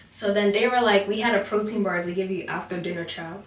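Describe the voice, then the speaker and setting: A woman's voice: medium pitch, normal speed, few pauses, slight background noise. Young woman, storytime vlog, chatty, filler-heavy, distant mic, roomy sound. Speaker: vlogger.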